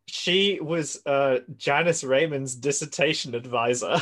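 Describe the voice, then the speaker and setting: Male podcast host, dry and wry, with a mid-pitched voice. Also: measured pace, fairly bright tone. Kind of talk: casual podcast chat.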